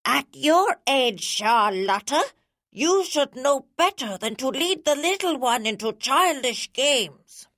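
A woman's voice: sits high, lively intonation, slow, fairly bright tone, no room sound, studio quality, voice pushed up, full character voice. A woman voicing a young girl who mimics her stern imperial mother in a dreadfully severe, scolding tone. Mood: mock stern.

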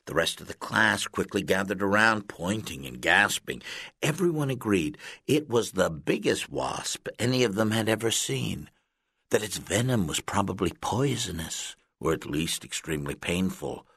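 A man narrating a children's audiobook in a deliberate, expressive storytelling manner, recorded close on a studio mic. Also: low-pitched, creaky, slightly rough, no echo.

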